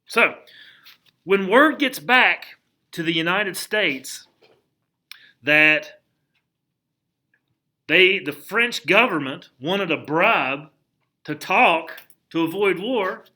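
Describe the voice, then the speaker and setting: A man teaching a history lesson in a lively, conversational way, asking the class questions and acting out historical figures in quick asides. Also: sits high.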